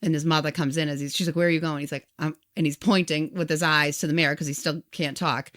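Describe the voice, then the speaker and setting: A woman with a notably low voice tells a long story in casual podcast chat. She acts out the people in it by quoting them in their own words, and keeps the account moving. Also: fairly even intonation, fast talker, fairly bright tone, dry recording, clean studio sound. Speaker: podcast co-host.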